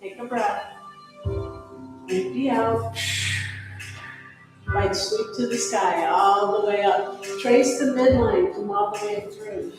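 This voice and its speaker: A woman leading a yoga class, giving calm, encouraging cues and breath prompts. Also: medium pitch, takes it slowly, long pauses, very echoey, music in the background, low-quality recording. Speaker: yoga instructor. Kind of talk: guided yoga class instruction.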